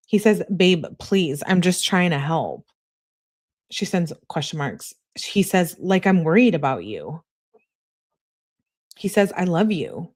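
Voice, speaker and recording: A woman, a true crime commentator, reading both sides of a text exchange aloud in a flat recounting tone. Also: fairly low pitch.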